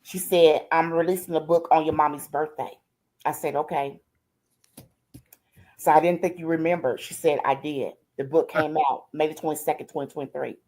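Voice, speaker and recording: Her voice low, darkish and fairly even in intonation at a normal speed, a grandmother recounts her life as a guest on a streamed interview. She speaks heartfelt and colloquially, frequently falling back on "I said" and "she said."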